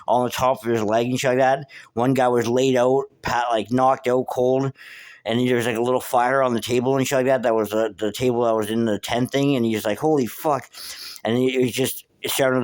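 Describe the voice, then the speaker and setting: A man hosting a podcast, telling a rambling street story with lots of swearing and fillers. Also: medium pitch. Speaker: podcast host. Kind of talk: casual storytelling monologue.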